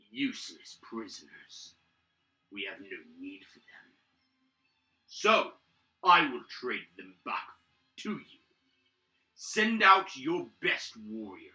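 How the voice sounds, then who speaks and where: A man's voice: huge pitch swings, slow pace, pauses often, bright, forceful tone, reverberant, faint music behind, full character voice. A man voicing a cruel, taunting male half-dragon warlord who calls out from a distance in a tabletop game. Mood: mocking. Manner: mocking, booming from a distance.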